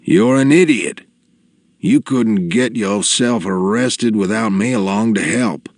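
A man voicing his dying elderly father, who speaks slowly and shakily, gruff and teasing yet worried for his son. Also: lowish voice, dry recording, pitched above the performer's own voice. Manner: slow, shaky, halting delivery.

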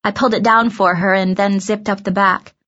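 A woman reads a first-person audiobook in a measured, reflective way. Her voice sits at a middling pitch. The recording is muffled and slightly lo-fi. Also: fairly even intonation, a bit bright. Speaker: audiobook narrator.

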